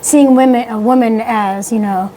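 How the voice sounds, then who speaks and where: Woman, musician guest, halting talk, fillers everywhere, slightly high voice, faint background hiss. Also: fairly even intonation, warm tone, rough recording. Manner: halting, fills with many "you know"s. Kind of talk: casual radio interview chat.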